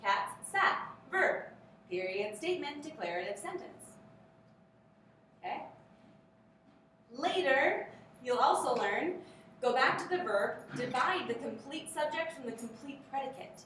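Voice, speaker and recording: A woman's voice: high voice, lively intonation, unhurried, pauses often, a bit bright, slight background noise. A woman training teachers in a workshop lesson, upbeat and drilling rhythmic grammar chants. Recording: very echoey room, mic far off.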